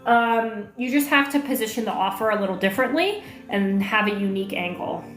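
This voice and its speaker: Here's a marketing coach on a livestream whose medium-pitched, slightly bright voice moves with lively intonation at a fairly quick clip. Casual and full of fillers, she reads viewers' comments aloud and responds to their questions. Faint music plays in an echoey room.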